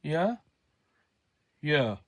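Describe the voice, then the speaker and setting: Slow, rambling man in character banter. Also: on the high side, sing-song. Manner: rambling, self-aware asides. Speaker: voice actor for a fan model-train series.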